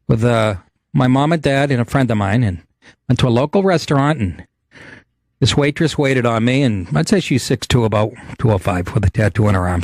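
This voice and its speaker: A man's voice: mid-range voice, a little mellow, no echo, clean studio sound. A middle-aged man hosting a podcast, telling a profane, indignant comedic story in a rant. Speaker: podcast host.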